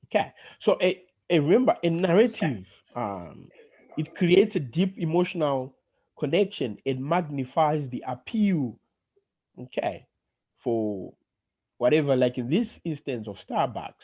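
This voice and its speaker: A man's voice: fairly high pitch, sing-song, a little slow, a little mellow, breathy edge, highs cut off. A male teacher running a class discussion, explaining terms and asking questions with frequent okays.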